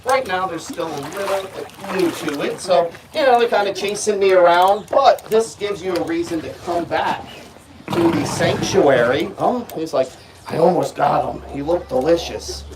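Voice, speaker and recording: A man's voice: sits high, moderate pace, distant mic, noisy background. A man handling alligators in an outdoor enclosure and chatting playfully to visitors as he coaxes the animals. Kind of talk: casual live demonstration talk.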